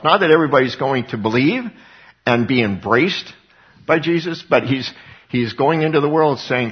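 Husky-voiced man preaching a sermon. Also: medium pitch, expressive, normal speed, highs cut off. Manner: earnest, conversational preaching with repeated words. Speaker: pastor.

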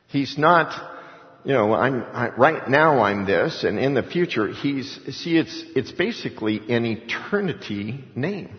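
A man preaches in a conversational way, tossing out rhetorical questions and chuckling as he unpacks scripture. His voice sits at an ordinary middle pitch. It rings through a large hall with a long echo, and the recording sounds dull and lo-fi. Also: very animated, unhurried. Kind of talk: sermon with Bible reading.

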